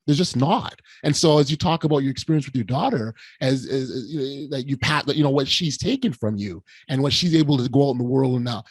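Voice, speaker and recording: A man's voice: mid-range voice, quick pace, hardly any pauses, slightly rough, dry recording. A middle-aged man hosting a podcast conversation, telling a story with lots of restarts and emotion. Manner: animated, stammering restarts, emotional retelling. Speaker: podcast host. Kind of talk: casual conversation.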